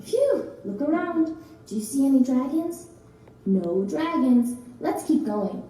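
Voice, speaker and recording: Woman librarian, high voice, sing-song call-and-response for kids, distant echoey recording with guitar behind. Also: sing-song, slow pace. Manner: playful, half-sung call-and-response. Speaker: children's librarian. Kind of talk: interactive action chant for children. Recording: echoey room from far off, guitar music.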